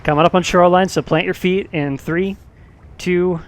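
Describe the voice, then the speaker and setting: Man, calm, reassuring, fairly high voice, vr roleplay. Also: normal speed, a little hiss or hum. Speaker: player. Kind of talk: casual VR roleplay chat.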